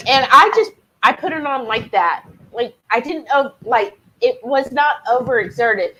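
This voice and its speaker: A woman's voice: a little high, unhurried, a little hiss or hum, low-quality recording. A woman co-hosting a casual livestream, chatting and reading viewer comments aloud. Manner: reads chat messages aloud, chatty and animated.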